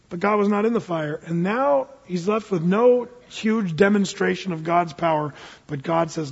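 A male pastor preaching a sermon, animated, acting out characters from scripture with big swings in pitch and loudness. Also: normal speed, gravelly, breathy edge. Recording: muffled recording with long hall reverb.

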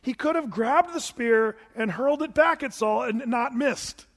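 A male pastor preaching a sermon, telling the story in an animated way that swings between loud and hushed, with humorous asides. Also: extremely high pitch, unhurried, long reverb tail.

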